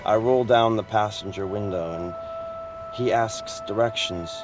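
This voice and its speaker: A man performing a dramatic film monologue as a weary, wistful gay storyteller, swinging from fervent outbursts to hushed confessions. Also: fairly low pitch, measured pace, music in the background, natural voice.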